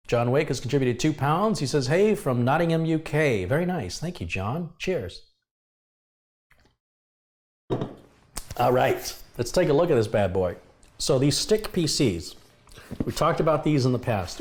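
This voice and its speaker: Middle-aged man, live-stream host, chatty, wry asides, mid-pitched voice. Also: a little mellow, a little hiss or hum. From United States. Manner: chatty, greets chat viewers by name, wry asides. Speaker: tech channel host. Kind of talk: live-stream tech review chat.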